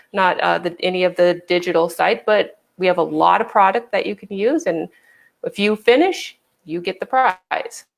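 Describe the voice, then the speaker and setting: Gravelly-voiced woman fitness trainer. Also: lowish voice. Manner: explanatory, quotes past conversations. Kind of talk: casual livestream chat.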